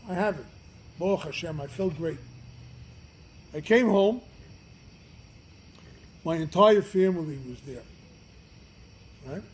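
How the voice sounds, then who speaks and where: Rabbi giving a class, slightly high voice, earnest and emphatic, faint noise behind him. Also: male voice, poor audio. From United States. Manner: earnest, emphatic, swings from loud to quiet. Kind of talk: storytelling Torah class.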